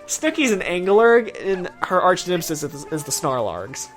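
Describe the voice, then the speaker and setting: A woman's voice: lowish voice, sing-song, moderate pace. A woman co-hosting a gaming video, rambling through an absurd made-up story and acting out the voices. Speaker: let's play co-host. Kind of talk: casual gaming chat. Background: game music.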